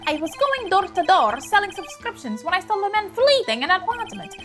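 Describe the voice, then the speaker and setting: A woman's voice: very high voice, a little slow, fairly bright tone, soft background music, voice pushed up. A woman voicing a nervous, stammering male newspaper salesman who testifies as a witness, with an accent that keeps changing. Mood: flustered.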